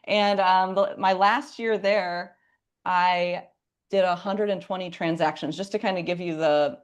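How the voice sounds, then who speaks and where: A woman in her thirties tells her story in a relaxed, chatty way. Her voice sits a little low for a woman, and she fills her sentences with ums and likes as she goes. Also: measured pace, clear, resonant tone. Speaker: real estate agent. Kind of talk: casual chat.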